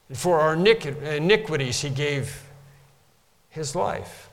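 A man's voice: a little high, animated, unhurried, in a large hall. A man preaching a sermon, explaining scripture and lifting his voice to stress key phrases. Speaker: pastor.

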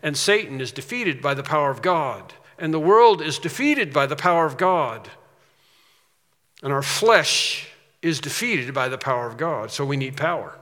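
A man's voice: a little high, expressive, moderate pace, bright, forceful tone. A man preaching a sermon as pastor, emphatic, repeating phrases and rising on key points. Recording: reverberant hall.

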